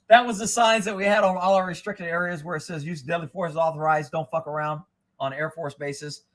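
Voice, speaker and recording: A middle-aged man chats loosely through a casual livestream, irreverent and quick to chuckle. His voice sits high for a man. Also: fairly even intonation. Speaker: livestream host.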